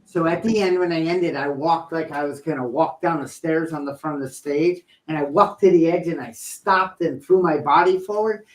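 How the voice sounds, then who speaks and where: A middle-aged man co-hosting a talk show, telling a story in a playful, animated way and acting out what people said. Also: on the high side, normal speed, hardly any pauses, poor audio. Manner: animated, playful storyteller who acts out quotes. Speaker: podcast co-host. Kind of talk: casual storytelling chat.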